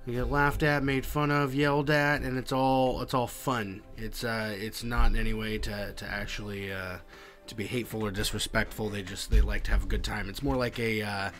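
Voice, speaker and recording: A man giving voice-over commentary on his poker hands, halting and full of fillers. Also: lowish voice, little pitch movement, a bit bright, faint music behind. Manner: halting, many fillers and restarts. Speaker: poker vlogger.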